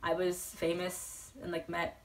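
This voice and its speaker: A young woman telling a story as a vlogger, rambling and excitable, full of fillers. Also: on the low side, unhurried. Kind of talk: casual storytelling. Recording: voice a bit far from the mic.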